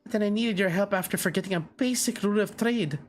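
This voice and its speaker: A man's voice: high-pitched, fast, faint music behind, natural voice. A man reading as a troubled young would-be merchant.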